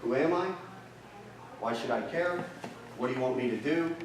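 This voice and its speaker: A man's voice: mid-range voice, normal speed, background noise. A man presenting a marketing seminar in a hotel conference room, firing rhetorical questions at the audience. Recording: echoey hall, distant mic, audience present.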